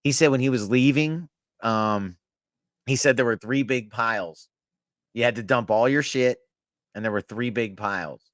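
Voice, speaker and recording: A man's voice: mid-range voice, normal speed, dry recording, studio quality. A man co-hosting a podcast, telling rambling anecdotes in casual chat with frequent laughs and swearing. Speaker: podcast co-host.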